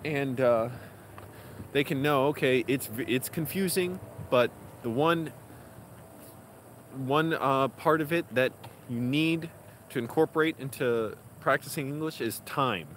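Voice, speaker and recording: Chatty male vlogger, mid-pitch, rambling with fillers, clear city noise around him. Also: unhurried, a bit bright. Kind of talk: casual vlog talk. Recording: outdoor street noise behind.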